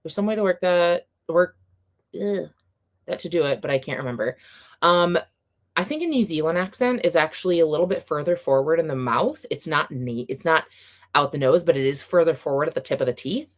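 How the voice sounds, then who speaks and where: A young adult woman hosts a livestream, chatting casually and excitedly with her viewers, laughing often and using lots of fillers. Her voice is low-pitched and she talks a little fast.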